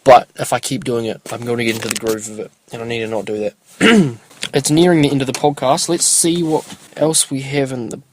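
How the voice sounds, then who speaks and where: A man's voice: medium pitch, steady tone, a little fast, a little hiss or hum. A young man hosting his solo podcast in a rambling, laid-back way, full of ums and loose asides. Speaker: podcast host. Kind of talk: casual solo podcast chat.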